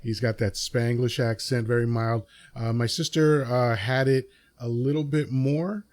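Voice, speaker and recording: A man with a mild New York accent hosts a relaxed podcast conversation. He talks freely and easily, spinning out long personal stories in a mid-pitched voice. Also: a little slow. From Dominican Republic. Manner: easygoing, talkative storyteller. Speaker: podcast host. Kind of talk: casual interview chat.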